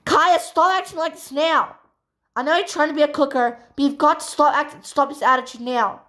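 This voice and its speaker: A woman doing a shrill scolding girl. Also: fairly even intonation, brisk, fairly bright tone. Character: scolding high-voiced girl friend, indignant. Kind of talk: toy play-acting drama.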